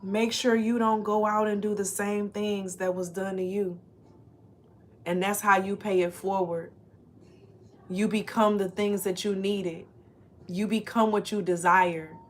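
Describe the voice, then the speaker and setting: A woman reading oracle card messages and affirmations aloud, speaking earnestly and directly to the listener, repeating phrases slowly for emphasis. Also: medium pitch, fairly even intonation, slight background noise. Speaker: spiritual card reader.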